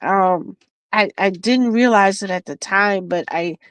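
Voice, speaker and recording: A woman's voice: medium pitch, measured pace, fairly bright tone, no room sound, poor audio. A woman hosting a casual beading stream, telling a family story with lots of laughter and restarts. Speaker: craft livestream host. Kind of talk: casual chat while beading.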